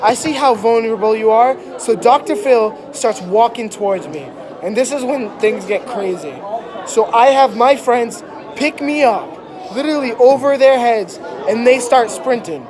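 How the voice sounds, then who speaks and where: A man's voice: very high voice, lively intonation, measured pace. Young male comic storyteller, exaggerated and mock-dramatic, performing for a live crowd. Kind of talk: comedic storytelling to an audience. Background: crowd, laughter.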